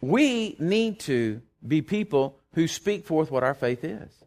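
A man preaches. His voice sits high and swings widely in pitch, and he breaks into sudden loud bursts. He throws in folksy jokes and checks in with the congregation. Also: takes it slowly. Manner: animated preaching with sudden loud bursts and call-and-response asides; folksy, joking asides. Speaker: pastor. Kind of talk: sermon.

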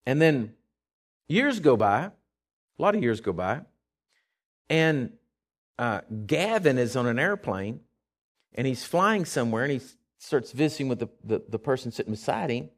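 A man's voice: mid-range voice, very animated, moderate pace, long pauses. Male preacher, mid-range voice, conversational storyteller who builds to emphatic declarations. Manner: conversational with frequent fillers and restarts. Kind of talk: sermon.

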